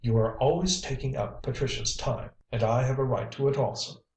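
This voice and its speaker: A man's voice: mid-range voice, brisk, vocal fry, darkish tone, lightly acted. A man reading the part of a jealous, flabby young schemer who sneers and whines, recorded from a distance in a roomy space. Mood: sneering. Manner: sneering, whining.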